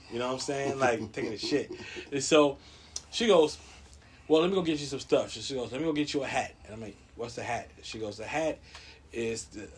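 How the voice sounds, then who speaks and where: Man, casual storyteller, loud cursing, acts out quotes with big high jumps, faint noise.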